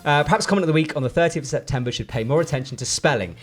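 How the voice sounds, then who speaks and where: A man's voice: fairly high pitch, rapid-fire. A young man co-hosting a climbing news show, chatting casually and teasing his co-host with jokey banter. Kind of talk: casual chat.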